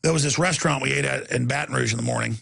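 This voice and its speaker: A man's voice: medium pitch, rapid-fire, gravelly, a bit bright, breathy edge. A man hosting a talk show, delivering an angry, impassioned rant in a heated, emphatic way.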